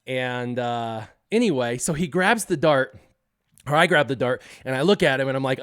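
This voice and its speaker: A man's voice: mid-range voice, fairly quick, a bit bright, clean tone, dry recording, studio quality. A young man telling a childhood story on a casual live stream, acting out the scenes and laughing often.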